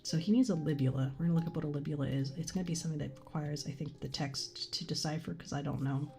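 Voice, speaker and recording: A soft-spoken woman streaming a game from a room at home, often dropping to a whisper as she reads game text, a little congested from a cold, on a condenser desk mic. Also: deep voice, fast, vocal fry, faint music behind. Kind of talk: let's play commentary and reading game text.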